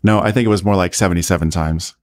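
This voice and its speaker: An ashamed and worn-out disciple, speaking muffled and low in a retold story. A man reads him near his own voice. The voice stays deep and heavy with remorse. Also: fairly even intonation, fast talker, natural voice. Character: remorseful male fisherman disciple, ashamed and exhausted.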